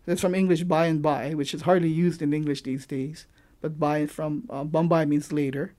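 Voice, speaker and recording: A man from Hawaii explains the grammar of the local creole, stopping often to hunt for the right example. His voice sits a little high for a man but sounds dark and mellow. He teaches patiently and thoughtfully. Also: fairly even intonation. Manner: thoughtful, halting, searching for examples.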